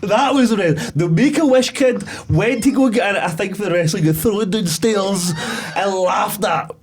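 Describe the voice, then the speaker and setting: A man's voice: high voice, moderate pace. A man co-hosting a podcast, telling stories in rambling casual chat with frequent laughter. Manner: rambling, laughing, animated storytelling. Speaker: podcast co-host.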